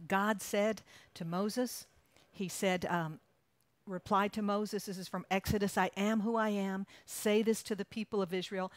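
A woman's voice: mid-range voice, no room sound. A woman pastor preaching a sermon in a conversational way, with easy asides to the congregation.

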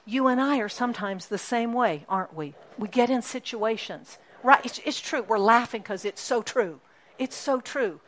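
A woman preaching a sermon to a congregation, animated and emphatic, often asking the listeners questions and repeating key lines. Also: on the high side, normal speed. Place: church congregation.

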